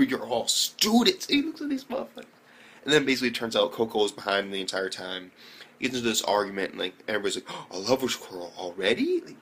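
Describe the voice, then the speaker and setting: A young man with a slightly husky voice talks through an episode in a loose, swearing-heavy ramble. He keeps breaking into sudden high-pitched exclaimed reactions. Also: fairly bright tone. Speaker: anime reviewer. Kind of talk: casual spoken review, profane and animated.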